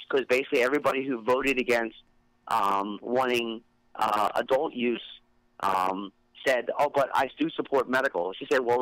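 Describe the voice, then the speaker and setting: A man's voice: mid-range voice, fairly bright tone, no room sound, low-quality recording. A man with a Philadelphia accent hosting a podcast in a casual, rambling way, with lots of fillers and restarts. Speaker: podcast host.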